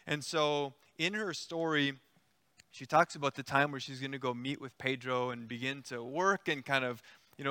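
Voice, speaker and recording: A man preaching a sermon, retelling a story in a conversational, animated way with acted-out quotes. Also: medium pitch, clear, resonant tone, no room sound.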